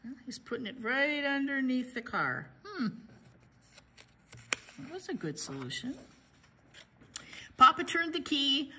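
Woman, library storytime reader, animated, playful sound effects, swooping pitch, bright. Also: measured pace, long pauses. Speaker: children's library storytime host. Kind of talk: reading a picture book aloud to kids.

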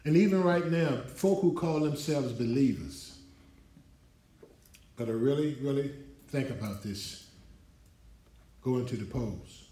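A man's voice: expressive, measured pace, pauses often, dark tone, recorded from a distance. Man preaching emphatically in an echoey hall. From United States. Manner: emphatic preaching with call and response, climbs in pitch when stressing points. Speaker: pastor. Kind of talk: sermon. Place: church hall.

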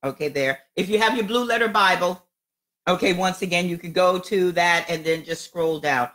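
A woman's voice: fairly low pitch, normal speed, fairly bright tone. A woman pastor giving a conversational sermon to a small room, often checking that listeners follow and laughing along the way. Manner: conversational, asks "you understand what I'm saying?", laughs often. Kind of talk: sermon teaching. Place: church or teaching room with a small audience.

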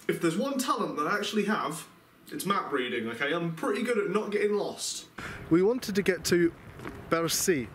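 A man's voice: fairly high pitch, sing-song, normal speed, a bit bright, slight background noise. A young man from England with an English accent, telling a travel mishap to camera in an exasperated, rambling, self-mocking way, recorded outdoors at night in a city. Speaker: travel vlogger. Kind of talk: casual storytelling to camera.

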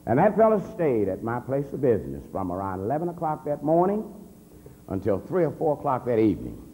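A man, an assistant pastor, telling his conversion story as a convention sermon, swinging from a low murmur to heated near-shouts. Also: very animated, brisk. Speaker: minister giving testimony. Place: large convention hall. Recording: reverberant hall with faint hum.

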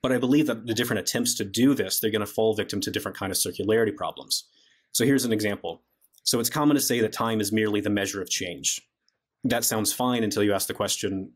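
A man's voice: on the low side, fast talker. A man, a guest philosopher, explaining an argument in an easygoing conversational way, often dropping in "like" as he reasons. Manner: casual, frequent "like" fillers while reasoning.

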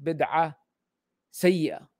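A man's voice: on the high side, fairly even intonation, very slow, no echo, studio quality. A man teaching Islamic studies in a casual livestream Q&A, joking and exasperated as he answers questions.

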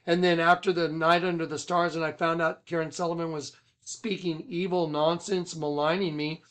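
A man who leads a ministry, telling a rambling personal story with emphatic swings from loud to hushed. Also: a little high, little pitch movement, normal speed. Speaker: ministry leader.

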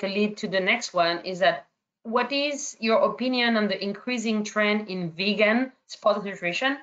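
A woman with a French accent leads a webinar question round, her speech hesitant and dotted with fillers and restarts. The sound is dull and lo-fi, as over a call, with her pitch sitting in a middling range. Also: a bit bright. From France. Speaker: webinar moderator. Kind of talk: online webinar Q&A.

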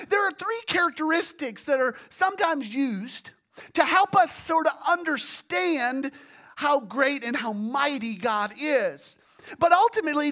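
A pastor preaching a sermon, swinging from hushed, low passages to loud exclamations and acted groans. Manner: illustrates with everyday examples and acted groans.

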